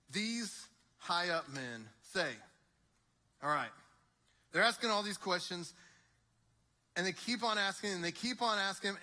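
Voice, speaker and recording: Young man, youth pastor; animated sermon, high voice, slips into character voices. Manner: animated, acts out voices in quick dialogue.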